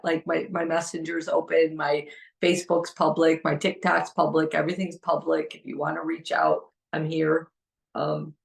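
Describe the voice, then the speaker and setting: Woman, middle-aged, heartfelt solo podcast talk, gravelly fry, earnest and repetitive. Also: low voice. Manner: earnest, pleading, repeats phrases for emphasis. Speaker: podcast host.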